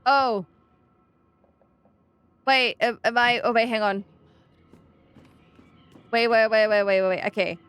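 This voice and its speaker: A young Australian woman streaming a horror game, chatting excitedly with her viewers. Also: fairly high pitch, slow, long pauses, clean tone, no echo. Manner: chatty, excitable, greets chat. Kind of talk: casual gameplay stream chat.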